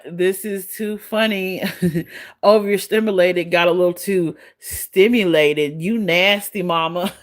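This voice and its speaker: A woman live streaming who talks to her chat in a slow, unhurried drawl. She is blunt and sassy, swears freely, and laughs often as she answers the trolls in her chat. Her voice sits in a middle pitch range. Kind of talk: casual livestream chat answering viewers.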